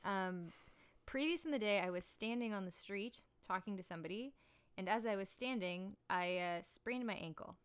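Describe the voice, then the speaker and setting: A woman's voice: medium pitch, moderate pace, clean tone. A young woman hosting a podcast, telling stories in a playful, rambling, giggly way. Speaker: podcast host and musician. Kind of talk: casual chat.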